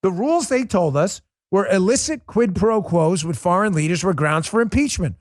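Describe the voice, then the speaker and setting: A man's voice: sits high, expressive, normal speed, dry recording, studio quality. A man hosting a political talk show, delivering a heated, scornful monologue. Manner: combative, ranting, scornful.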